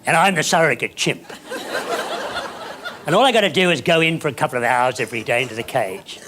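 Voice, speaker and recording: An older man, telling a story to an audience in an animated, hammy way that climbs up to shouting. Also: medium pitch, fairly quick, background noise.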